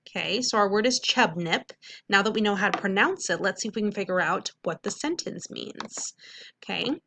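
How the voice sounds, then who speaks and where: Bright-voiced woman teaching phonics. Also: mid-range voice, expressive, normal speed. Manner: clear, step-by-step, frequent "okay?" checks. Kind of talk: recorded phonics lesson for middle schoolers.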